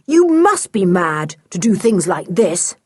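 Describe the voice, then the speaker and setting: Brief: earnest eldest boy in a children's adventure, firm, slow, slightly breathy, read by a woman. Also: medium pitch, sing-song, a little mellow, exaggerated voice. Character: responsible eldest boy, steady leader.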